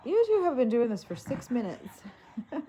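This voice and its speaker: A woman chatting softly to her pets and viewers in doting baby talk, sometimes singing a lullaby. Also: fairly high pitch, very animated, moderate pace, a little hiss or hum. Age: adult with a daughter. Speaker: pet vlogger. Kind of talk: casual chat to pets and viewers.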